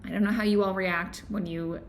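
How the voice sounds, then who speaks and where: A woman hosting a book club discussion, talking casually and telling stories in an animated, chatty way with lots of "like"s. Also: medium pitch, a little fast, a little hiss or hum. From Florida, USA. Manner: chatty, animated storytelling with many "like"s.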